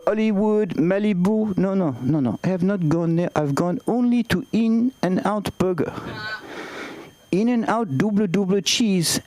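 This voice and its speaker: A vain Parisian tourist with a thick French accent, as a man puts him on, smug and flirty. The voice sits high and boastful, and he loves repeating himself. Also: darkish tone.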